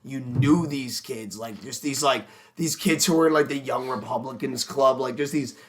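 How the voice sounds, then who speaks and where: A man's voice: medium pitch, moderate pace. Young male podcast co-host, crude, rambly casual chat. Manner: crude, rambling, filler-heavy "like".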